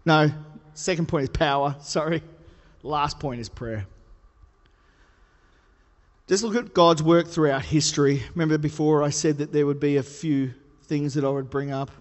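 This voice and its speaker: Playful preacher in a reverberant hall. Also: male voice, steady tone, moderate pace. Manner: conversational, playful, builds to emphatic highs. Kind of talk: sermon.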